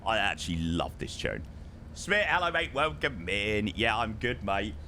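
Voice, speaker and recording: A man's voice: fairly low pitch, big pitch swings, normal speed, sharp tone, slight background noise. A young man streaming a flight sim, chatting casually with his chat and calling people mate, his voice strained because he is losing it.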